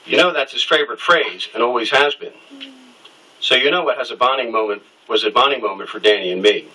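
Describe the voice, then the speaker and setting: A man's voice: mid-range voice, brisk, bright, forceful tone, breathy edge, far from the mic, poor audio. A middle-aged man telling a personal story in an interview, candid and wry, acting out the people he quotes.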